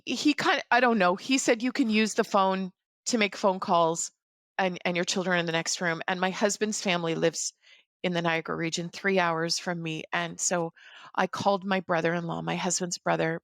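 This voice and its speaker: A woman in her forties, a podcast guest, recounting a personal story in a measured, reflective way. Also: lowish voice, steady tone, gravelly, a bit bright, dry recording, studio quality.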